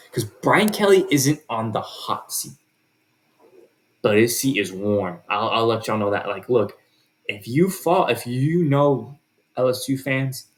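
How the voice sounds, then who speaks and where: Chatty man giving football picks. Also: fairly low pitch. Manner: chatty, with many fillers and restarts. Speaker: sports video host. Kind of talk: casual predictions talk.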